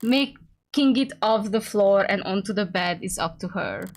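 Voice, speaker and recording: Woman doing a weary lawyer, quiet, dry inner monologue, visual novel voice. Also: medium pitch, expressive, unhurried.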